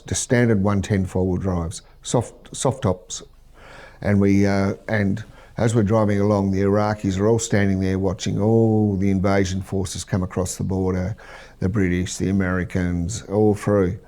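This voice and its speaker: A middle-aged Australian man, a military veteran, recounting war memories in a measured, halting interview. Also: low-pitched, mellow.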